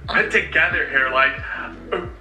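A comedy sketch performer playing a gushing, excited American tourist visiting London. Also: mid-range voice, measured pace. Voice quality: giddy, breathless, gushing. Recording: roomy clip with music under it.

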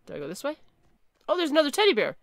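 A woman giving chatty, excitable commentary while playing a horror game and reading its text aloud. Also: sits high, very fast, creaky, no room sound. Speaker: gaming video creator.

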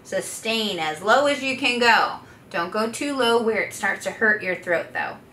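A woman's voice: mid-range voice, animated, unhurried. A woman, a voice therapist, coaching listeners through voice exercises and demonstrating each one aloud. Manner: coaching, demonstrating loud sustained vowels. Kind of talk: instructional voice exercise demo. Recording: echoey room, faint background noise.

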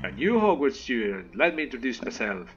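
A man voicing Hagrid, a big gentle male half-giant groundskeeper, with a gruff Scottish accent. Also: medium pitch, big pitch swings, fairly quick, highs cut off, soft background music. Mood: friendly.

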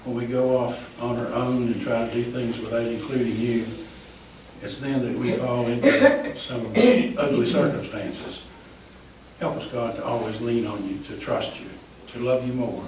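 Man, mid-range voice, earnest steady prayer, distant, very echoey room. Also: mid-range voice, moderate pace. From Northern US. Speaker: prayer group leader. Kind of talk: spoken prayer. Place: church meeting room. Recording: very echoey room, far from mic, faint hiss.

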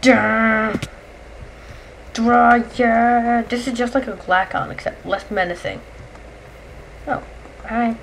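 A woman giving casual gameplay commentary, excitable and chatty, yelling and shrieking when monsters attack and chatting to the creatures. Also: a little high, takes it slowly, gravelly, long pauses, slight background noise. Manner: excitable, shrieks and yells at enemies; chatty, talks to game creatures. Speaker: let's play gamer.

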